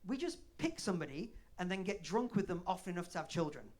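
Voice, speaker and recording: A man's voice: sits high, sing-song, fast talker, darkish tone. A man in his late thirties with a Leeds accent, doing a flamboyant, self-mocking stand-up set on a comedy club stage. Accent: Northern English, Leeds. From Leeds, north of England. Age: 30s.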